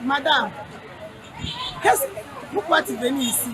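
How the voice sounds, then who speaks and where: Woman, high voice, loud, animated, outdoor market, heavy crowd noise. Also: a little slow. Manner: loud, animated answers in pidgin and French. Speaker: interviewee.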